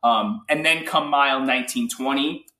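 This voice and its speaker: A man telling an animated, filler-heavy story as a guest in a casual interview. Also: mid-range voice, normal speed, echoey room, far from the mic. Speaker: guest athlete.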